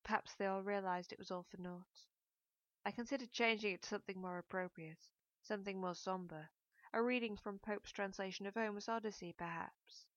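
A woman reading a novel aloud in the first person, in a measured, melancholy storytelling manner. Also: medium pitch, fairly even intonation, no room sound. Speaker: audiobook narrator. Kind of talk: first-person audiobook narration. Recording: dull, dry audiobook recording.

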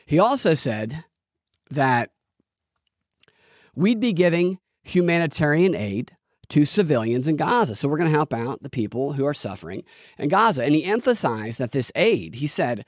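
A man's voice: a little high, big pitch swings, normal speed, no room sound, studio quality. A man hosting a political commentary podcast, talking in a sarcastic, rambling, joking way. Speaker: podcast host.

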